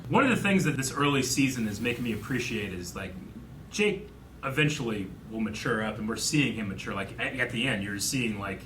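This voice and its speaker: A man's voice: mid-range voice, expressive, fairly quick, a bit bright, echoey room, a little hiss or hum. A man hosting a casual reaction chat, talking through a TV episode with friends and often trailing off mid-thought. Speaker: show host reacting to TV.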